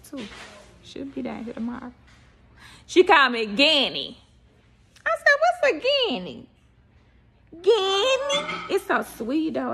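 A woman's voice: high-pitched, vocal fry, pushed and bright, a little hiss or hum. An older woman with a Southern US accent, chatting playfully while eating on camera, laughing and preaching as she goes. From American South. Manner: playful, preachy, laughs a lot, sings snippets. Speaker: vlogger. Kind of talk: casual mukbang chat.

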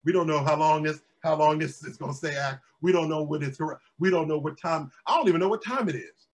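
A pastor preaches to his congregation, calling out to them and building to shouts. His voice sits a little high and moves briskly. The low-quality recording was made in a closed room whose windows were blacked out for filming.

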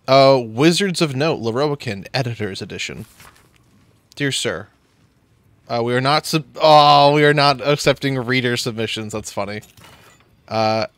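A man's voice: mid-range voice, no echo. A man chatting casually while playing a game, joking around and reading game text aloud. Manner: jokey, rambling, reads in-game text aloud. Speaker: gamer playing a video game. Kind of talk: casual gameplay chat.

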